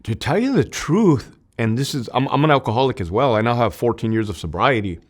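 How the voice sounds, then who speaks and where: A man's voice: mid-range voice, lively intonation, brisk. A man in his thirties, an army veteran, speaking as an interview guest in candid, emotional conversation, with a lot of "dude" and "like" and some swearing.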